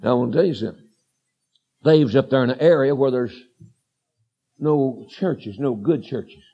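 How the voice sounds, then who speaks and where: A man preaching a revival sermon in church, telling homespun stories that build to shouted declarations. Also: mid-range voice, normal speed, slightly rough. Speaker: evangelist preacher. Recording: dull lo-fi sermon recording.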